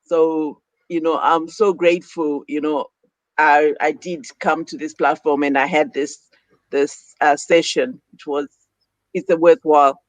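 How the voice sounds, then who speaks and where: A woman's voice: low-pitched, fairly even intonation, measured pace, no room sound, highs cut off. A woman speaking earnestly and encouragingly in an online group chat. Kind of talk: casual group discussion.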